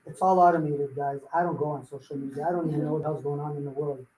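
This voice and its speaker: A man's voice: a little high, steady tone, fast, dark tone, echoey room, low-quality recording. A man leading a live sales coaching workshop, blunt and firing rhetorical questions at his audience. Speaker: real estate sales trainer.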